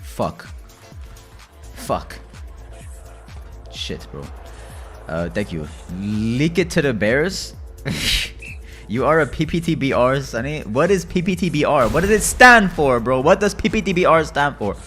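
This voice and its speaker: Man, game streamer, at home, casual rambling chat, heavy swearing, muttering then ranting, mid pitch, faint music behind. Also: big pitch swings, measured pace, pauses often. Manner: profane, loose and rambling, swings from low mutters to loud rants. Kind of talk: casual live-stream chat while gaming.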